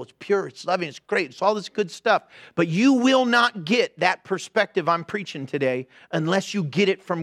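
A man's voice: sits high, a bit bright, dry recording, studio quality. A man preaching a sermon as pastor, earnest and exhorting, speaking straight to his congregation. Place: church.

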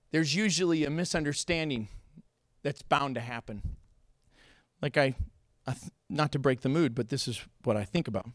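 A man preaching a sermon as pastor, telling stories in an animated way, with loud, high outbursts, and joking and laughing between points. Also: measured pace, no echo, clean studio sound. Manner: animated storytelling, gets loud and high acting out scenes.

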